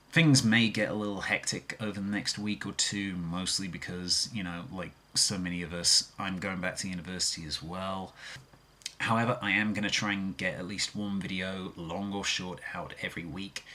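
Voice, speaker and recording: Husky-voiced young Birmingham vlogger. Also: male voice, sits low, normal speed, pushed and bright. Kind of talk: casual vlog monologue.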